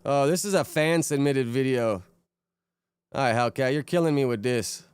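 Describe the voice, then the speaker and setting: A man's voice: medium pitch, moderate pace, clean tone, no room sound, clean studio sound, soft background music. A young man chatting casually on a live stream, rambling laid-back and greeting viewers by name. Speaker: streamer reacting to videos and chat.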